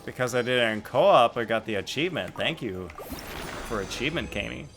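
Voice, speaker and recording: A man streaming a game, chatting casually and excitably with his viewers. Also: medium pitch, a little fast. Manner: excitable, jokey, reacting to chat. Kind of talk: casual live-stream chat.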